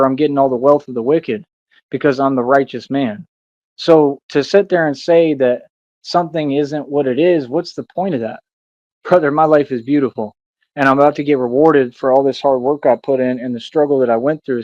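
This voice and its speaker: A man's voice: on the high side, a little mellow, no echo. A man hosting his own livestream, delivering a rambling, boastful and preachy monologue that talks down to his viewers. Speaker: livestream host. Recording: dull lo-fi stream audio.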